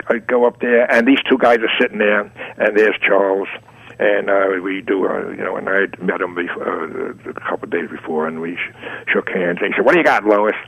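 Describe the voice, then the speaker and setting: A man's voice: fairly low pitch, vocal fry, fairly bright tone, husky, dry recording. An older man being interviewed, telling long anecdotes full of restarts and acted-out quotes, heard on a dull, lo-fi radio recording. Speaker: guest, advertising art director. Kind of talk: storytelling interview answers.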